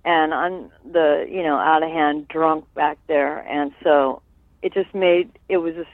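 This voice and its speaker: A man's voice: on the high side, steady tone, unhurried, no echo. A man reminisces at length in an interview, wandering with fillers and checking in with "right?" His voice comes through a thin, phone-like line. It sounds dry, with no room around it. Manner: rambling, many fillers, frequent "right?". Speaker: guest.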